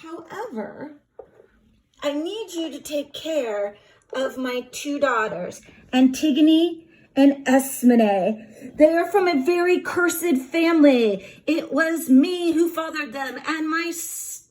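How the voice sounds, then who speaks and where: A woman's voice: high-pitched, darkish tone. A woman voicing an anguished tragic king who wails and sobs melodramatically over his fate, in a casual classroom retelling. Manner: melodramatic, sobbing outbursts.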